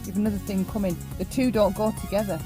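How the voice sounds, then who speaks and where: A woman's voice: medium pitch, fairly even intonation, fast talker, over music. A woman hosting an opinion commentary, talking emphatically and often tagging her points with a question. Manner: emphatic, keeps asking "right?". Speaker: commentary channel host.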